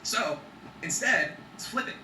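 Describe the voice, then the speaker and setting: A man's voice: sits high, expressive, measured pace, sharp tone, roomy sound, far from the mic, a little hiss or hum, rough recording. A man talking in an emphatic motivational vlog, swearing freely and checking in with his viewers. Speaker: vlogger.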